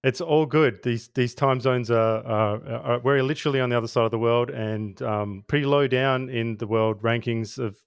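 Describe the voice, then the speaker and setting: Jokey podcast host, dry sound. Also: male voice, medium pitch, moderate pace, few pauses, clean tone, no room sound. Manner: jokey, laughs easily, teasing questions. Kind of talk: casual podcast interview.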